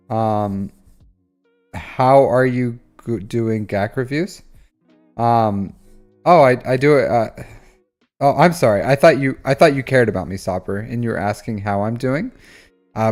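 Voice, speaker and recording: A man in his thirties talks loosely on a live stream, teasing his chat and rambling through his answers with playful banter. His voice sits in an ordinary middle pitch. Soft music plays quietly underneath. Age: 30s. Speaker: live-stream host reviewing game accounts.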